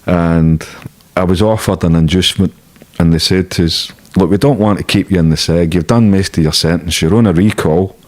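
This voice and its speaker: A Scottish man speaks in a very low, deep voice as an interview guest. He tells his stories bluntly and casually, swearing freely as he goes. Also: steady tone, moderate pace, darkish tone. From Scotland.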